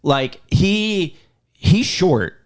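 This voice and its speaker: Male co-host, lively up-and-down delivery, joking film-review chatter. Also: high voice, very slow. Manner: animated, joking, laughs often. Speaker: podcast co-host. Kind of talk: casual film review chat.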